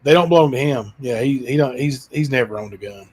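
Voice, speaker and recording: A man's voice: medium pitch, a little fast, slightly rough. A man hosting his own livestream channel, chatting loosely with frequent fillers. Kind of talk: casual chat.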